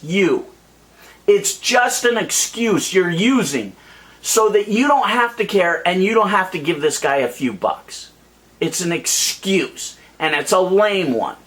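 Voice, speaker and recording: A man with a notably high-pitched voice delivers a heated vlog rant straight to camera. He sounds exasperated and worked up. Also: fairly bright tone. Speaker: YouTube vlogger. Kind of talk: ranting vlog monologue.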